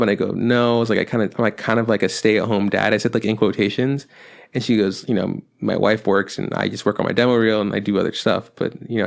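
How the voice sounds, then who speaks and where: With a creaky voice on the low side, a young man co-hosting a podcast chats casually, rambling with lots of fillers and swearing.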